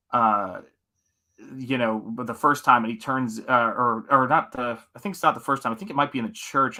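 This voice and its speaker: Man, bright voice, enthusiastic, rambling, livestream host chatting with viewers. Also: mid-range voice. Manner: enthusiastic, rambling, answers chat. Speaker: livestream host and comic painter. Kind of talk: casual livestream chat while painting.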